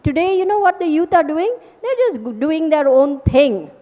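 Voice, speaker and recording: A woman's voice: sits high, normal speed, mellow, in a large hall. A woman teacher giving a scripture class, emphatic and forthright, with rhetorical asides.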